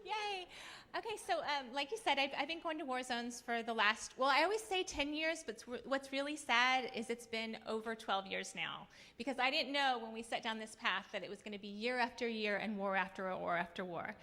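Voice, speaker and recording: A woman's voice: fairly high pitch, fairly quick, few pauses, pushed and bright. A middle-aged woman from Kansas giving an earnest acceptance speech, telling stories with touches of humor. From Kansas, US Midwest. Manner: earnest storytelling with light humor.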